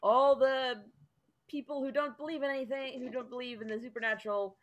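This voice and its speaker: A woman's voice: high voice, fairly even intonation, brisk, dull audio. A woman running a tabletop game as game master, explaining the rules in a chatty way with lots of ums.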